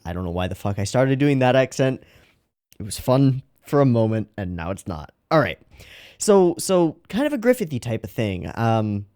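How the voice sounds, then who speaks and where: A young man hosting an anime reaction show, rambling in a casual, excitable way and often correcting himself mid-sentence. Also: mid-range voice, moderate pace.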